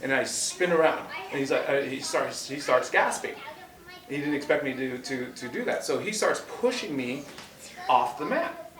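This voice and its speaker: A man casually telling a martial arts story, animated and full of restarts, acting out what people said. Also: medium pitch, moderate pace, crowd noise. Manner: animated, acts out quotes loudly, many restarts. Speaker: martial arts instructor co-host. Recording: roomy echo, distant from mic.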